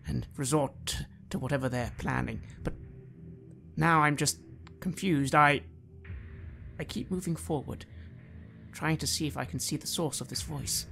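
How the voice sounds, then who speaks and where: A man playing a desperate widowed scientist in first person, halting and anguished, breaking into rage. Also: on the high side, gravelly, pushed and bright, faint music behind, heavily acted. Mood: confused. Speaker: player. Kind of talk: in-character first-person roleplay.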